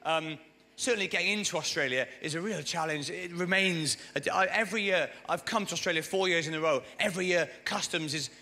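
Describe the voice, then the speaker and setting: A man's voice: high-pitched, a little fast, bright, forceful tone. A British man doing a live stand-up set on a theatre stage, rambling and breaking off his own sentences with dry asides. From Britain. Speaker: stand-up comedian. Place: large theatre stage at a comedy gala. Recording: echoey theatre hall, audience noise.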